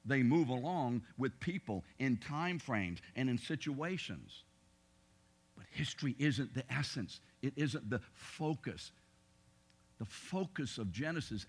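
A man's voice: mid-range voice, animated, a little slow, slightly rough. A middle-aged man teaching a Bible class, talking conversationally and emphatically, asking his listeners rhetorical questions.

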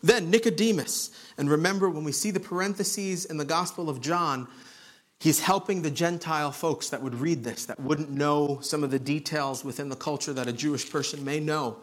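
A man preaching an expository sermon in an earnest, conversational way, dropping to quiet emphasis on key points. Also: fairly high pitch, moderate pace. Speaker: pastor.

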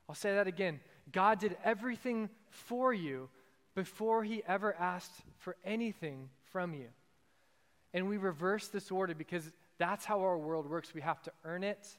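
High-voiced preaching man in reverb. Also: fairly bright tone. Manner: earnest, repeats key lines for emphasis. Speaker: pastor. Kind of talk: sermon.

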